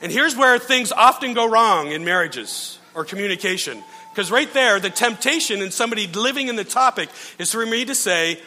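A middle-aged male pastor preaching in a relaxed, conversational way, telling stories, poking fun at himself and often checking in with his listeners. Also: high-pitched, fairly quick. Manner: storytelling, checks in with listeners, self-mocking. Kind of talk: conversational sermon. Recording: long reverb from a large hall.

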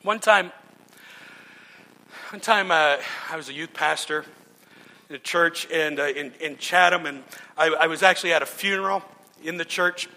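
Bright-voiced preacher in a reverberant hall. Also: male voice, on the high side, fairly even intonation, moderate pace. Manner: earnest storytelling with repeated restarts. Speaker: pastor. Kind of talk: sermon.

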